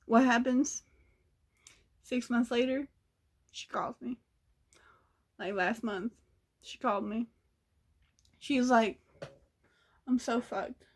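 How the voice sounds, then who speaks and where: A woman's voice: a little high, takes it slowly, long pauses, darkish tone. A young woman telling a story in a casual vlog, blunt and sassy, swearing freely. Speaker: vlogger.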